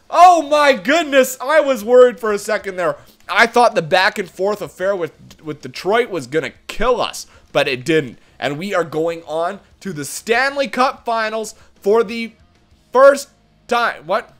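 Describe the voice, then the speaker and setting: A man hosting a video game let's-play, doing excitable mock play-by-play and shouting at big moments. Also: very high-pitched, unhurried. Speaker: gaming channel host.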